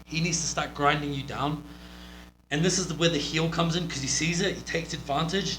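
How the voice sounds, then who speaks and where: A man's voice: on the high side, a little fast, fairly bright tone. A man with a New Zealand accent, coaching a wrestler through a casual match review in a blunt, profane, rambling way. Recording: roomy with faint hum.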